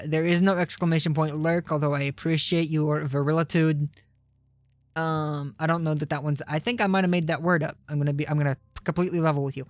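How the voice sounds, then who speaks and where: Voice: medium pitch, dry recording. A game streamer chatting casually with viewers, swearing often and rambling in a self-deprecating way. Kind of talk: casual live-stream chat while gaming.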